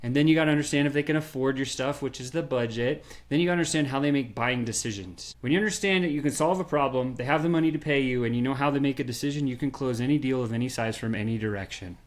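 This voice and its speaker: A man guest on a podcast, explaining a sales method with lively storytelling and quick bursts of acted-out dialogue. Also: mid-range voice. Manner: animated storyteller, acts out quoted voices. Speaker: podcast guest, software founder. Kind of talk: energetic sales pitch in conversation.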